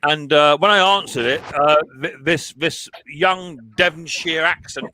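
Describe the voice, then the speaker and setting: A man's voice: a little high, a little slow, sharp tone, a little hiss or hum, low-quality recording. A middle-aged man hosting a casual live stream chat, chatty and often stumbling over repeated words.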